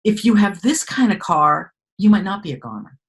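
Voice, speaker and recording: A woman author being interviewed, speaking expressively with emphatic, animated phrasing. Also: medium pitch, normal speed. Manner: expressive, emphatic, frequent restarts. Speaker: author guest. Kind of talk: conversational interview.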